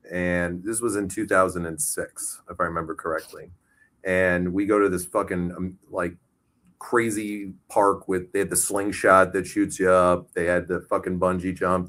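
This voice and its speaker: Guy podcasting, lowish voice, swears a ton, goes loud when he quotes himself. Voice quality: profane, storytelling, loud bursts of quoted shouting. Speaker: podcast co-host. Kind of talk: casual chat.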